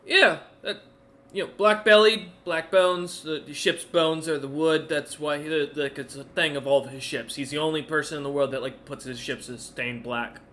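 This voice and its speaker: A man's voice: on the high side, expressive, moderate pace, fairly bright tone, reverberant, a little hiss or hum, pitched above the performer's own voice. A man voicing a flustered male companion who claims to know every language, nervous and blurting out questions. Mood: alarmed.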